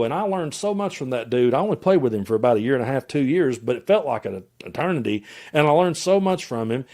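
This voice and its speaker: A man's voice: a little high, darkish tone. A man with a Tennessee Southern accent hosting his own channel, giving an impassioned, emphatic political rant straight to his viewers. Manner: direct, emphatic, addresses viewers and politicians head-on. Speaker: political commentator and channel host.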